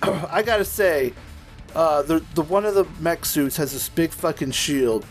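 A man's voice: fairly high pitch, a little slow, soft background music. A man chatting on a podcast in a loose, rambling way, full of fillers and casual swearing. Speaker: podcast co-host. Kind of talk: casual chat.

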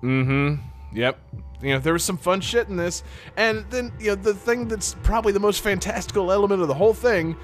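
A man's voice: high-pitched, animated, brisk, soft background music. A man co-hosting a podcast, chatting casually about a video game in a rambling way, with lots of fillers and laughter. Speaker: podcast co-host.

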